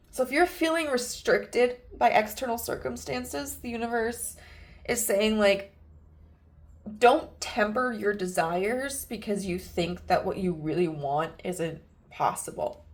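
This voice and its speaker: A woman giving a pick-a-card tarot reading, gentle and earnest, with many fillers and restarts. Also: on the high side, a little slow. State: emotional, near tears. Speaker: tarot reader.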